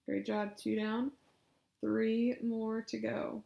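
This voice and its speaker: A woman leading speech exercises, coaching patiently with encouragement and loud spoken demonstrations. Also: a little high, level tone, takes it slowly, vocal fry. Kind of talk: guided exercise instruction. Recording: echoey room.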